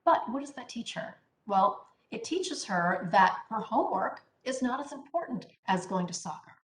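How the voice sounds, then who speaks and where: A woman's voice: on the high side, animated, normal speed. A woman giving an instructional parenting presentation, speaking emphatically and often checking in with "right?". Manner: emphatic, keeps asking "right?". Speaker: parenting educator. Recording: echoey room.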